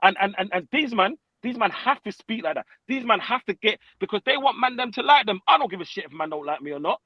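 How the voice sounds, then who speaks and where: A man's voice: sits high, expressive, quick pace, dry recording, dull audio. A man talking football, blunt and profane, often stumbling over repeated words while he interrupts. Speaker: football podcast co-host. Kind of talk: heated casual debate.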